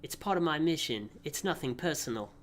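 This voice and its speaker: A man's voice: a little high, lively intonation, fairly quick, a little hiss or hum, natural voice. A man voicing a curt, guarded young woman soldier with an Australian accent, reading game dialogue aloud. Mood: stern.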